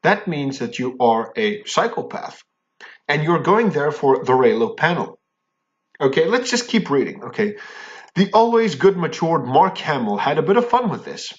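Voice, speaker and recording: A man's voice: fairly high pitch, sing-song, moderate pace, muffled recording. A man ranting angrily to his viewers, heated and indignant, stumbling over his words and tagging his points with "okay?". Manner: repeats and restarts when worked up. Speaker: fan commentary vlogger. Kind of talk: angry ranting monologue.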